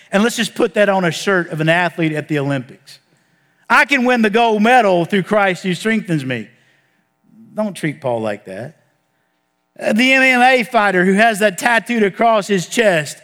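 A man pastor preaching a sermon with emphasis, rising to animated peaks and sinking to low hushed stretches. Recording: long hall reverb.

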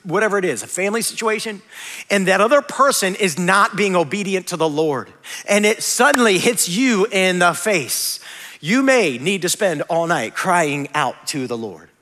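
A man's voice: sits high, animated, normal speed, pushed and bright, in a large hall. A male pastor preaching a sermon in a conversational way, correcting himself and adding light humorous asides.

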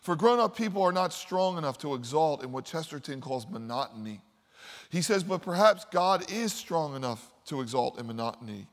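A man preaching a sermon, telling stories and swinging from loud, lively lines to quiet, hushed ones. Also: a little high, normal speed. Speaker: pastor. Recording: long hall reverb.

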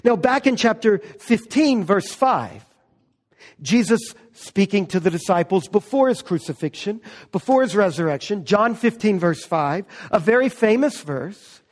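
A man preaching a sermon as pastor, stressing key words slowly and with emphasis. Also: sits high, lively intonation, long reverb tail.

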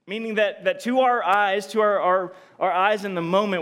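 A man preaching a sermon in an earnest, confessional way, often restarting his sentences and moving between soft and emphatic delivery. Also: high voice, steady tone, brisk, hardly any pauses, big-room sound.

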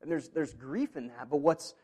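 A man preaching a sermon as pastor, earnest and conversational, swinging between quiet, intimate asides and loud, emphatic passages. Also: a little high, moderate pace, husky. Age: parent of children. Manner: earnest, with conversational fillers and restarts.

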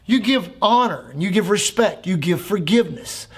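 A man's voice: high-pitched, lively intonation, normal speed, slightly rough. A man, a pastor, preaching a sermon in a church with an emphatic, repetitive cadence.

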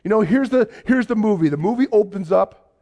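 A man's voice: high-pitched, fairly quick. A man preaching a sermon, telling a story with rising energy. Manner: storytelling, builds from quiet to animated. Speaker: pastor.

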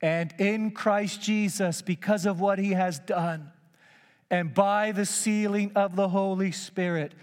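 A man's voice: high voice, fairly even intonation, takes it slowly, long reverb tail. A man preaching a sermon, emphatic and repeating key phrases for weight.

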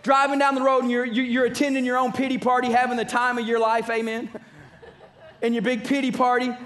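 A man's voice: very high-pitched, completely flat delivery, a little fast, fairly bright tone. A man preaching a sermon as pastor, emphatic and repeating his key phrases.

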